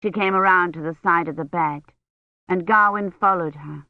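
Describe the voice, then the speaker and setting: A woman reading a novel aloud as narrator, in a measured, even way. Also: fairly low pitch, no echo. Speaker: audiobook narrator. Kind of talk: scripted narration. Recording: dull, dry audiobook recording.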